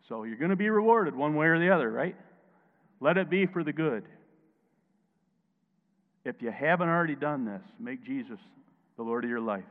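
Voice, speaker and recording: A man preaching a sermon as pastor, emphatic, dropping quiet and then rising loud, and calling on listeners to answer back. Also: mid-range voice. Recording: tinny phone-like sound, long hall echo.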